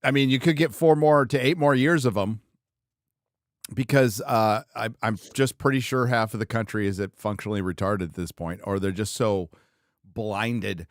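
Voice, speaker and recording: A man's voice: on the low side, moderate pace, no echo, clean studio sound. A man hosting a podcast, talking in a blunt, ranting casual style. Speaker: podcast host. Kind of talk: casual chat.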